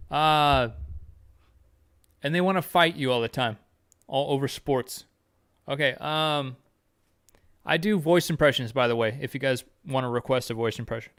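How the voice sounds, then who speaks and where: A man hosts a podcast like a live chat with his viewers, rambling and swearing constantly. He is excitable and quick with exclamations. His voice is smooth and clear, and the recording is dry and close. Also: mid-range voice, no echo. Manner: rambling and heavily profane. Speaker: podcast host.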